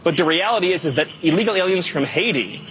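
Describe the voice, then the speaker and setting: A man's voice: a little high, expressive, quick pace, fairly bright tone, slight background noise. A man in his thirties, a government official, giving a firm, insistent answer in a TV interview.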